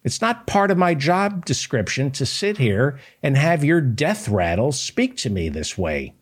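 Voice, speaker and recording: A man voicing a condescending health insurance clerk who talks in a mock-soothing, passive-aggressive way, with a husky voice. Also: mid-range voice, big pitch swings, a little slow, pitched above the performer's own voice.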